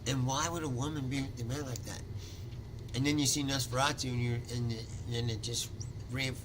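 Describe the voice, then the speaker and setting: A man's voice: medium pitch, steady tone, brisk, noisy background. A man hosting his own talk show, telling a story in a loose, swearing monologue and laughing at his own jokes. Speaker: podcast host.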